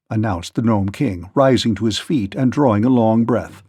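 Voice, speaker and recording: A man reading a children's storybook aloud in a steady, expressive way. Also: on the low side, moderate pace, few pauses, husky, no echo, studio quality.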